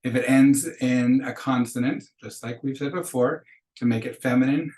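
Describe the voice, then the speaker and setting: A man teaching a beginning Spanish class, explaining grammar and slowly modeling words for students to repeat. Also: mid-range voice, a little mellow, roomy sound, rough recording. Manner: explanatory, slows to model pronunciation. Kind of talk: recorded class lecture.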